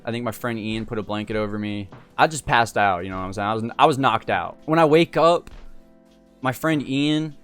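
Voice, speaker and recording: A man telling a personal story in a casual, animated way, full of slang. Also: mid-range voice. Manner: slangy, animated and laid-back. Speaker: storyteller host.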